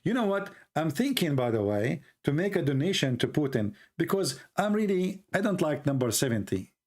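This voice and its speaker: A show host, a middle-aged man from the Middle East, gives a sarcastic, mocking livestream monologue in accented broken English. The voice sits a little high and a little mellow, moving at normal speed with big swings in pitch.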